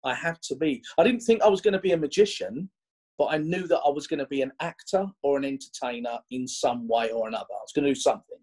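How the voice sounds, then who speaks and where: Husky man telling stories. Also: medium pitch, fast talker, rough recording. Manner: animated, chatty, lots of restarts. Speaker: magician guest. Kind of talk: conversational interview storytelling.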